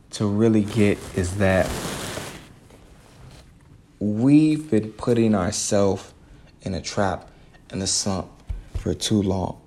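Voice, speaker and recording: A young American man talks straight into the mic on his solo podcast, in a low voice with a gravelly edge. He speaks earnestly and leans into sermon-like repetition to drive each point home. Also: mellow. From United States. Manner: earnest, preachy, repeats phrases for emphasis. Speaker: podcast host. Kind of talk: casual solo podcast monologue.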